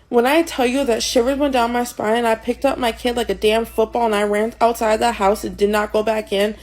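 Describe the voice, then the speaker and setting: A woman's voice: on the high side, steady tone, moderate pace, hardly any pauses, darkish tone, low-quality recording. A woman, a mother, telling a spooky story dramatically and expressively. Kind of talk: casual storytelling.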